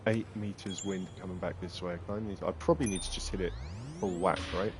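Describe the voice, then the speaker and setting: A man's voice: sits low, steady tone, a little fast, background noise. A man giving casual, self-mocking, sarcastic commentary while streaming a game.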